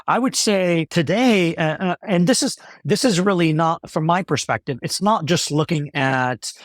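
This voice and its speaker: A male company executive explaining his ideas in a business interview, in a measured way with many fillers and restarts. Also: on the high side, no room sound, studio quality.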